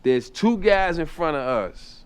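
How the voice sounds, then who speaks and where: A man telling a long story on stage, animated, with many restarts, jumping up in pitch when he mimics people. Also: unhurried, noisy background. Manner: animated, repetitive restarts, jumps up in pitch for impressions. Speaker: stand-up comedian telling a story. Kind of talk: storytelling stand-up set.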